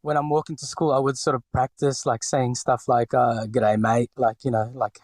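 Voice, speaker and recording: In a podcast interview, a man in his forties from the Philippines talks at a normal speed with medium pitch and fairly even intonation, his Filipino accent light. No room sound is audible. His guest answers are hesitant, packed with fillers and restarts.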